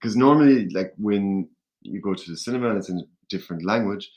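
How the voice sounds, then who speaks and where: A man from Ireland, a podcast guest in casual chat, talking in a measured, hesitant way. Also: lowish voice, a little mellow.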